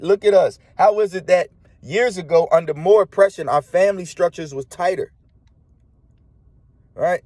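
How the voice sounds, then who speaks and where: A man's voice: fairly high pitch, a little mellow, dry recording. A man preaching a sermon in an emphatic, colloquial way, often checking in with his listeners. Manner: preachy, emphatic, frequent "right?" check-ins; colloquial street-flavored speech.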